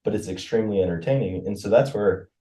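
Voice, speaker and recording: A man co-hosting a casual podcast with his wife, joking and telling quick stories. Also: lowish voice, mellow. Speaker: podcast co-host. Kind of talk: casual chat.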